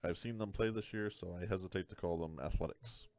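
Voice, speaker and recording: Low-voiced man with dry jokes. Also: a little fast, a little mellow, no room sound. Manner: dry, joking asides. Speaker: card break host. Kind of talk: live card break commentary.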